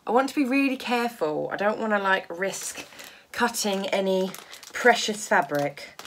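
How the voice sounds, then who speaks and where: A woman with a gushing, excitable manner who laughs often, chatting casually as a sewing vlogger. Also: medium pitch, normal speed, slight background noise. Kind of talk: casual unboxing vlog.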